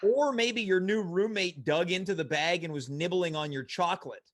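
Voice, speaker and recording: A man's voice: high voice, moderate pace. A man hosting a casual talk show, rambling in a wry, mock-serious way. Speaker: host. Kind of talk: casual chat.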